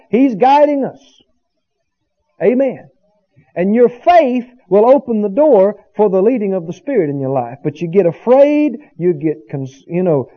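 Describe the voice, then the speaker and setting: A man's voice: high-pitched, muffled recording. A man preaching a sermon as pastor, building to emphatic bursts and asking the congregation for agreement. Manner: preaching with rising emphatic bursts and call-and-response asides.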